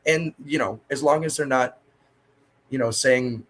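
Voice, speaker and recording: A man's voice: mid-range voice, measured pace. A man talking as a podcast guest, a blunt skeptic who rambles and tells stories in casual chat. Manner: rambling, animated storyteller with frequent laughs. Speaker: guest, minister and historian.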